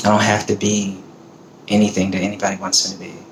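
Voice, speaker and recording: A man's voice: fairly low pitch, completely flat delivery, fast talker, creaky. A middle-aged man from the American South talking in a blunt, profane, fired-up casual monologue. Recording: roomy echo, faint background noise.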